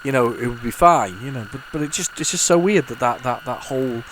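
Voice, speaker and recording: A man's voice: mid-range voice, fairly quick, fairly bright tone. Man, retro gaming channel host, casual rambling commentary, stumbles and restarts, faint background hiss. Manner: rambling, many restarts and repeated words. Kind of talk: casual commentary while playing.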